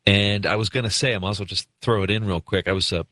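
A man with a lowish voice hosts a call-in radio show, chatting in a relaxed, conversational way. He is recorded close and dry in a makeshift studio. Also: fast talker, dry recording. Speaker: radio talk show host.

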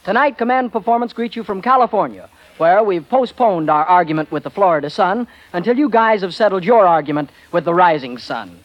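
A man hosting a 1940s radio variety show with quick, punning, energetic patter. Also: sits high, dry recording. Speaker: master of ceremonies. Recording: lo-fi 1940s radio broadcast with faint audience.

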